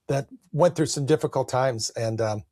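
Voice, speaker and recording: A middle-aged man, an Orthodox priest, telling stories in a relaxed podcast conversation and acting out quoted lines. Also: moderate pace, no room sound, studio quality. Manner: animated, acts out quoted speech with raised pitch. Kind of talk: storytelling in casual conversation.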